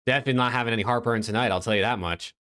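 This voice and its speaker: A young man hosting a live podcast stream, bantering casually, incredulous and animated, swearing freely. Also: mid-range voice, very fast, clear, resonant tone. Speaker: podcast host.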